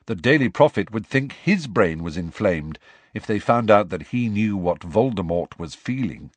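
A man narrating an audiobook, telling the story with expressive delivery. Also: moderate pace, dry recording. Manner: expressive storytelling with lively, varied pitch. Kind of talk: scripted narration.

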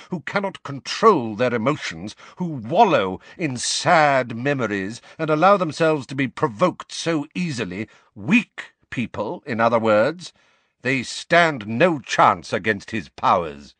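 Stern sneering schoolmaster, as a male narrator puts him on, slow and cutting, dry close sound. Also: fairly low pitch, very animated, sharp tone, dry recording, heavily acted. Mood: contemptuous. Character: cold, contemptuous stern male teacher.

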